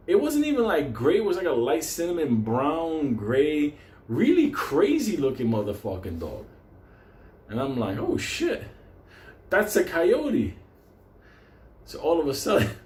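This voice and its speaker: A man's voice: medium pitch, a little mellow, echoey room. A man telling a wild story in a casual, profane way, often laughing as he talks. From New York.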